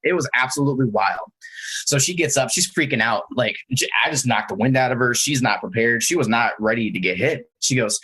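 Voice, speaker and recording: A man co-hosting a podcast, telling a story in a casual, animated way and acting out the quotes. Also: medium pitch, fast talker, husky, poor audio. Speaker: podcast co-host.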